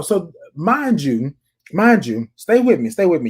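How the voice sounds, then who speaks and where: A podcast host spins a story in a casual, animated way and keeps calling out to the listeners. The voice is husky, and the pitch swings up and down. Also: a little slow. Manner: animated, repeats phrases, addresses listeners directly.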